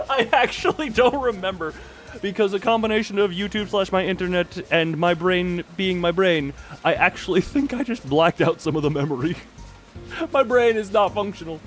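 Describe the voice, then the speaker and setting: A man's voice: high voice, moderate pace, faint music behind. A man streaming a game, rambling casually and reading lines aloud with self-mocking asides.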